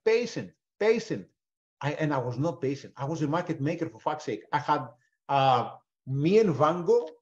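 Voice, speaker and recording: A fairly high-voiced man leads a live trading webinar over a video call. He talks emphatically, throwing out questions and answering them himself, and swears now and then. The audio is a little dull and lo-fi. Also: a little mellow. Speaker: prop trader presenting a webinar.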